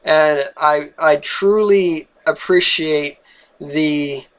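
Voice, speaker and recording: A young man with a notably high voice tells a personal story at an unhurried, deliberate pace. He speaks earnestly and haltingly, stumbling over and repeating words as he searches for them. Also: clean tone.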